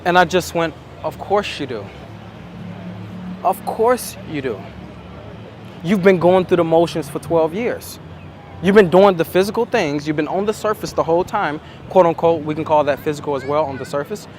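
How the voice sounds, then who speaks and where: A man talking as a dating coach, slow and emphatic, repeating his points in a reflective monologue. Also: fairly high pitch, a little mellow, a little hiss or hum.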